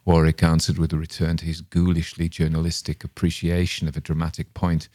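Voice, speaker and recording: A man hosting a show, reading a horror story aloud in a measured, dramatic way. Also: rumbling low, completely flat delivery, dark tone, no echo, studio quality. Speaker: host and reader.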